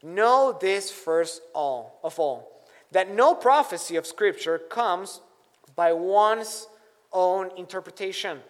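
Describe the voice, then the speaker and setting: A man with a high voice preaches slowly and deliberately, leaning hard on key words as he works through scripture. His voice rings out with a long reverb, as if in a large hall. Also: expressive. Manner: deliberate, emphatic teaching with scripture quotes. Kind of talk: expository sermon.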